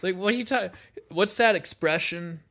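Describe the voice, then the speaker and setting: His voice sits high and moves at an ordinary speed. He's a young man co-hosting a relaxed podcast, narrating with energy and voicing the quotes himself.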